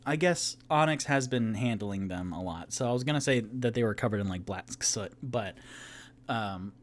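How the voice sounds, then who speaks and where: A man's voice: fairly low pitch, lively intonation, normal speed, a little hiss or hum. A man narrating a tabletop game as game master, rambling with many fillers and self-corrections. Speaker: game master and solo player.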